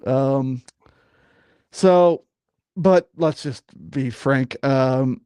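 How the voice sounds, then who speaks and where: A man's voice: mid-range voice, very slow, dark tone, clean tone, dry recording. Podcast guy talking football, rambly, lots of ums, gets heated, dry close mic. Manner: rambling, frequent fillers, gets fired up. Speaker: podcast host. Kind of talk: casual sports talk.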